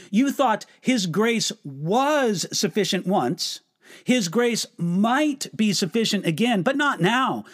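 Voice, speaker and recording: A man giving a devotional sermon, earnest and emphatic, with many rhetorical questions. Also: high-pitched. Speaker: pastor. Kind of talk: devotional teaching.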